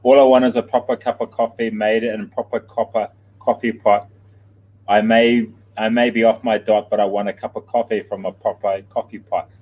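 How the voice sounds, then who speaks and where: A man's voice: on the low side, flat delivery, moderate pace, darkish tone. A man co-hosting a casual morning livestream, laid-back, mumbling a little and chuckling at himself. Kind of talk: casual chat.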